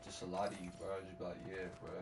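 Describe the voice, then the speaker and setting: A man's voice: low-pitched, monotone, quick pace. Man, streamer, casual storytelling, rambling, slangy, profane, distant mic, faint background noise. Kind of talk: casual storytelling while gaming.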